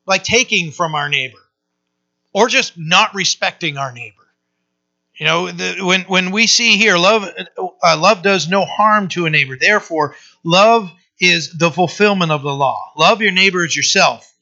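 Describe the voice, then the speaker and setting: A male pastor preaching a conversational sermon, often pausing with fillers and restarting his sentences. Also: sits high, sharp tone, lo-fi sound.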